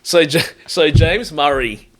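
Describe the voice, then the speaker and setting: Bright-voiced man telling stories. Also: fairly high pitch, takes it slowly. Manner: animated storyteller, laughs often; acts out others' lines in quotes. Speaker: guest preacher. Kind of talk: casual podcast chat.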